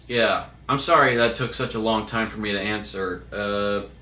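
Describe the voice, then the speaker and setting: A man's voice: on the low side, normal speed, sharp tone, echoey room. A man answering viewer questions in a casual monologue, hesitant, with many fillers and restarts.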